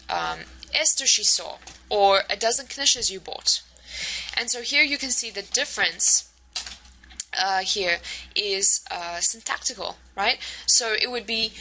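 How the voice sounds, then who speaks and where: A woman's voice: mid-range voice, pushed and bright, poor audio. A woman giving a recorded university lecture over slides, explaining patiently with frequent "um" and "okay".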